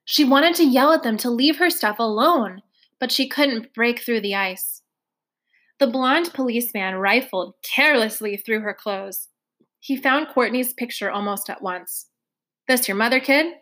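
A woman reading a novel aloud for listeners to follow along, in a steady storytelling manner. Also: on the high side, measured pace. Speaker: reader.

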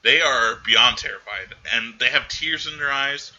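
Man, casual movie recap chat, very bright tone, dull lo-fi sound. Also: medium pitch, moderate pace. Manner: animated retelling, acting out characters' lines. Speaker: podcast co-host.

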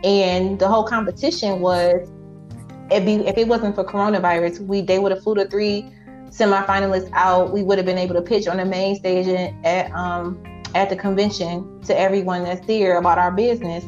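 Animated woman telling her own story. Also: mid-range voice, moderate pace, muffled recording, faint music behind. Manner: animated, acts out her own past lines. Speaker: entrepreneur guest. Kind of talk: casual storytelling.

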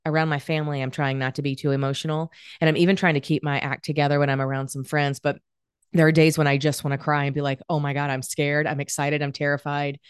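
Low-voiced earnest woman podcaster. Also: darkish tone, no echo, studio quality. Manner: earnest, reflective, emotional; halting, many fillers and restarts. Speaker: podcast host. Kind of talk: solo podcast monologue.

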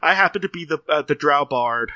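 A man co-hosting a podcast, chatting casually and animatedly with quick asides. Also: fairly high pitch, animated, sharp tone, no room sound. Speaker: podcast co-host. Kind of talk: casual chat.

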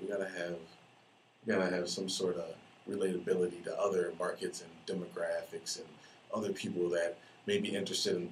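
Brief: low-voiced man in his 30s, profane podcast rant, mic at a distance, faint room noise. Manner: profane, ranting, animated storytelling. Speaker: podcast host. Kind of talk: casual podcast monologue.

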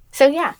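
A woman hosting a casual podcast chat, reading notes aloud in a halting, giggly way. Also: sits high, darkish tone, no echo. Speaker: podcast host.

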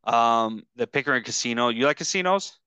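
A podcast host chatting casually over a video call, rambling and halting with lots of fillers. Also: male voice, medium pitch, animated, pushed and bright, clear, resonant tone, dry recording. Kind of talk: casual chat.

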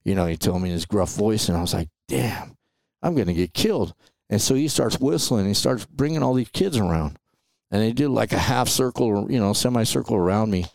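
In a casual storytelling interview, a middle-aged Angeleno guest on a podcast talks a little fast, peppering his animated anecdotes with "man" and "right?". His voice is low and gravelly with fry, recorded dry and up close, with no room sound.

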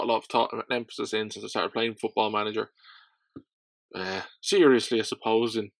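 A man's voice: lowish voice, a bit bright, no echo. Stuffy-nosed man hosting a podcast. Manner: rambling, with many fillers and restarts. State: stuffy, nasal from a cold. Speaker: podcast host. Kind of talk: casual solo podcast chat.

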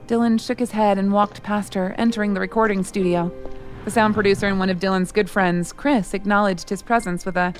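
Woman narrator, steady storytelling, mid-pitched, faint music underneath. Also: a little fast. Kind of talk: scripted audio drama narration.

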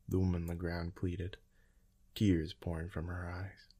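A man narrating first-person fiction in a steady, measured reading. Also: deep voice, breathy edge. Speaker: audiobook narrator.

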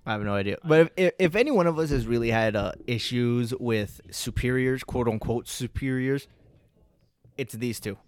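A man's voice: mid-range voice, normal speed, smooth. A young man co-hosting a casual podcast chat, laid-back and prodding with questions. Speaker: podcast co-host.

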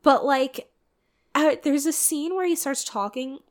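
A young woman co-hosts a casual chat, reacting to a movie with lively, expletive-laced disbelief. Her voice sits a little high. She talks with plenty of energy and drops into silly voices for the characters. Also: unhurried. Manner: animated, swearing, mimics characters in silly voices. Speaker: podcast co-host.

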